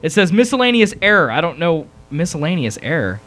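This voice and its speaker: A man's voice: fairly high pitch, a little fast. A man joking with friends while making prank calls on a computer mic. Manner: joking, animated. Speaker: prank caller. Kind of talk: casual group chat.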